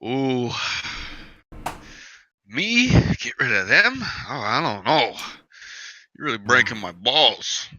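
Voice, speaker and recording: A man's voice: mid-range voice, big pitch swings, slow, long pauses, bright, forceful tone, no echo, highs cut off, heavily acted. A man voicing a stoned mob contractor. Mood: rambling. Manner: hesitant, rambling, lots of uhs. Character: stoned male mob contractor, rambling and evasive. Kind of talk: tabletop role-play character voice.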